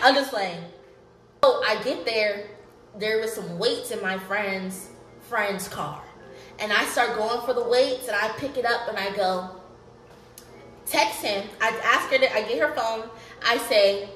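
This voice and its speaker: A young woman telling a story in a lively, profane way, often breaking into laughter. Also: fairly high pitch, unhurried. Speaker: vlogger. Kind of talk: storytime vlog. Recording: roomy, off-mic, faint music behind.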